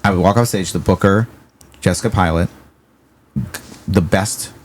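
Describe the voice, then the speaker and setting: A young man from Virginia, a comedian guest telling a story in a casual interview, animated and acting out the people he quotes. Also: low voice, moderate pace.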